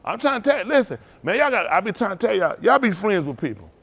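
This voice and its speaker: Pastor, male, higher-pitched, preaches with a call-and-response drive, from loud to hushed. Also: fast talker. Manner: rousing call-and-response preaching, Southern Black church cadence; animated, swings between loud and hushed. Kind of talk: sermon.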